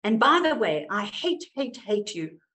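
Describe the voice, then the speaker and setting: A distraught mother searching for her lost son, her voice raw with hurt and bitter anger, as a woman acts her out. Her pitch rises and falls in a lively way. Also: unhurried. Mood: furious. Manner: pleading, then raw and furious. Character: distraught mother of a missing boy, raw and angry.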